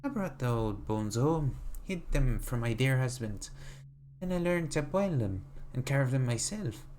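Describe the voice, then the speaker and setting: A streamer voicing a sweetly sinister old grandmother, reading slowly in a doting, sing-song manner from a desk mic at home. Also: mid-range voice, lively intonation, darkish tone, slight background noise, close to an everyday voice. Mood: creepy doting. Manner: slow, sing-song, doting "dearie" refrain. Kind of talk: reading a game note aloud in character.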